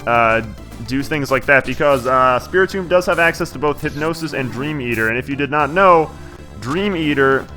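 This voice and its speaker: Young guy rambling over a game, keeps correcting himself, bright voice, little music in the back. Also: mid-range voice, moderate pace. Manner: rambling, self-correcting, chatty. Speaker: let's-play host. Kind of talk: casual let's-play commentary.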